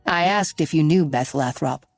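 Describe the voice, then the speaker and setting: A woman's voice: low voice, normal speed, dry recording, soft background music. A woman reader voicing a firm, probing male investigator in an audiobook.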